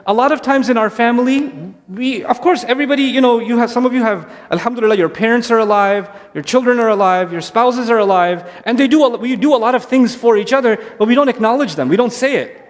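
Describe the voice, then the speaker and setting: A man giving a conversational religious talk to parents and children before an audience, lively and acting out little scenes. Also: extremely high pitch, quick pace, in a large hall. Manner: conversational, animated, acts out kids and parents. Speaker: speaker addressing parents.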